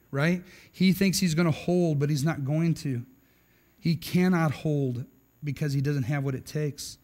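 Pastor, man, middle-aged; conversational, emphatic sermon delivery with a slightly raised pitch. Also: darkish tone. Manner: emphatic, conversational preaching with frequent "right?" asides.

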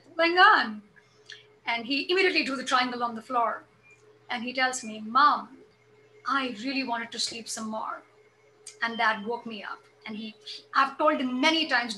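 High bright woman telling a story. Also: slight background noise, poor audio. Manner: retells a story acting out the dialogue. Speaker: guest speaker. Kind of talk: storytelling explanation on a video call. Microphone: video call.

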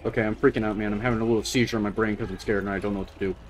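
A man's voice: lowish voice, fairly even intonation, rapid-fire, a little hiss or hum. A young man giving nervous, chattering commentary while playing a horror game and talking to the game. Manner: jittery, talks to the game, nervous chuckles. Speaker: gamer.

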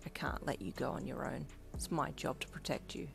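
A woman voicing a brooding, protective young male villain in a fan audio story, speaking low and curt. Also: animated, fairly quick, creaky, music in the background, full character voice.

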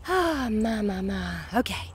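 A woman vlogging in her garden outdoors, chatty and excitable, cooing sweetly at her pets. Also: medium pitch, takes it slowly, a little hiss or hum. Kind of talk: casual vlog narration.

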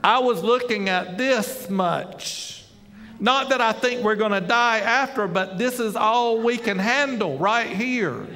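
A male pastor telling a story during a sermon, chatty and conversational, with sudden loud exclamations. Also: high-pitched, slow. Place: church sanctuary. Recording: long hall reverb.

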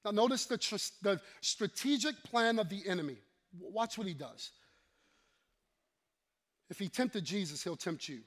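A man's voice: sits high, lively intonation, normal speed, pauses often. A man preaching a sermon with emphatic, repetitive declarations, leading his congregation in call-and-response and slipping in playful asides.

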